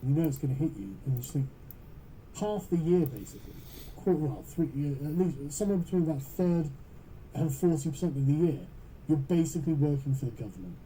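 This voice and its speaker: A man's voice: on the high side, lively intonation, brisk, mellow, slight background noise, low-quality recording. A British man giving podcast commentary in emphatic, profane, long run-on sentences. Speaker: political commentator.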